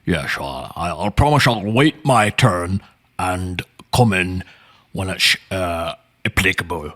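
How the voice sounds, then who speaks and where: A man's voice: low voice, slow pace, fairly bright tone, voice pushed down, exaggerated voice. A man voicing an aged, washed-up male spy back from the dead, with a faltering put-on Scottish accent and a mock-dramatic, rambling delivery. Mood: sheepish. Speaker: comic character on a podcast.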